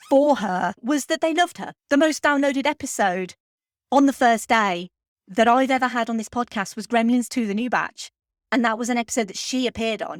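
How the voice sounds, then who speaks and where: A woman hosts her podcast, fighting back tears as she speaks earnestly and heartfelt, pausing often. Her voice sits a touch high, recorded close on the mic in a dry, dead room. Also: no room sound. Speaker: film podcast host. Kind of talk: heartfelt spoken podcast tribute.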